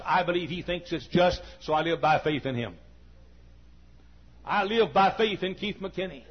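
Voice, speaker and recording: Husky-voiced pastor, kinda high for a guy, preaching from low hush up to shouting, muffled old tape. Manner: swings from low confiding talk to shouted peaks. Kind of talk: sermon. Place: church. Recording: dull lo-fi recording.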